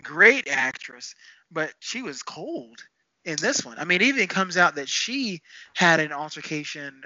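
A man with a strikingly bright, sharp voice talks through a TV show in an easy, animated podcast chat, laughing often. The sound is dry and close but a bit dull and lo-fi, and his voice sits slightly high. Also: dry recording. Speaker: podcast co-host. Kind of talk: casual TV review chat.

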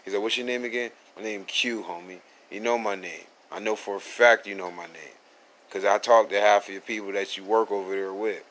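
A podcast host tells a casual story from work outdoors at a fair, sounding boastful, streetwise and profane. His lowish, fairly bright voice is brisk with fairly even intonation, over faint outdoor ambience and people walking by.

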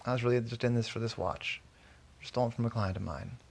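Give me a calm, practical octopus private detective from a storybook mystery, as a man voices him. He talks plainly in a low, gravelly voice. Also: brisk. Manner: plain, matter-of-fact.

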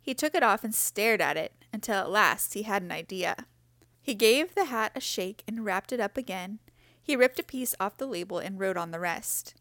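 A woman reading a children's picture book aloud in a gentle, expressive way. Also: mid-range voice, moderate pace, no echo, studio quality. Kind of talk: storybook read-aloud.

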